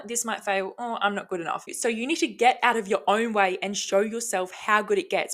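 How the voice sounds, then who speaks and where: A woman hosting her own podcast alone, talking casually and energetically, swearing freely as she gives motivational tough-love advice. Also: medium pitch. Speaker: podcast host. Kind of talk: casual solo podcast talk.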